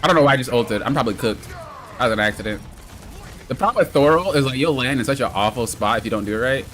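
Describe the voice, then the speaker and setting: A man live-streaming a video game with excitable, exclamatory commentary, yelling at mishaps and trash-talking his friends. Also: medium pitch, quick pace, a little hiss or hum.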